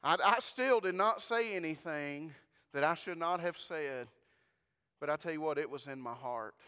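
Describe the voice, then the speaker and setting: This pastor's voice is fairly high, pushed and bright, yet clean, delivered at a moderate pace. Preaching in a church that carries a long reverb, he spins a folksy tale and speaks straight to the people in the pews.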